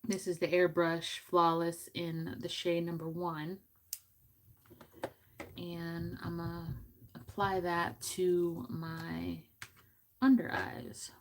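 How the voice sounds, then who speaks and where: A woman's voice: fairly low pitch, completely flat delivery, takes it slowly, a little hiss or hum. A woman chatting casually through a makeup tutorial at home, giggly and full of goofy asides. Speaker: beauty vlogger. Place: home room.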